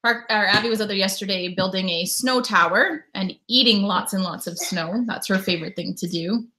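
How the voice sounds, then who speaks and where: Streaming live from her home in winter, a chatty Canadian woman in her thirties greets viewers by name, reads out their comments, and talks about her day. She speaks fairly quickly in a mid-range voice that sounds pushed and bright.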